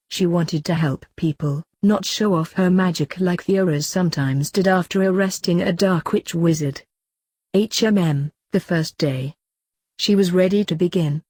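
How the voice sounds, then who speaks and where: Low husky woman reading a story. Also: darkish tone, dry recording. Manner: reads dialogue aloud with little change of voice. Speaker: fanfiction reader. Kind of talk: scripted narration.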